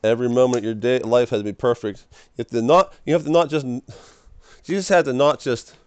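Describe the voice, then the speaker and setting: A man's voice: medium pitch, fast talker, a little mellow, smooth, dry recording. Stammering young man rambling. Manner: stammering, repeats words, emotional. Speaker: vlogger. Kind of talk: rambling personal monologue. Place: small room, indoors.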